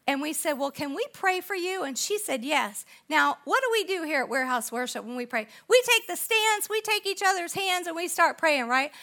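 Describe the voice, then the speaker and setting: A middle-aged woman preaching a storytelling sermon, animated and acting out the people in her story, then dropping to soft, intense tones. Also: sits high, fairly quick, few pauses. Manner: animated, acts out quoted voices, drops to soft intense tones.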